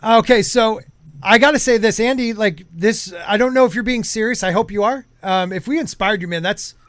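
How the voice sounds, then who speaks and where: A man's voice: high-pitched, normal speed, a bit bright, dry recording. A man hosting a casual live-stream podcast, rambling with many fillers and restarts while reading out chat comments. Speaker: podcast host.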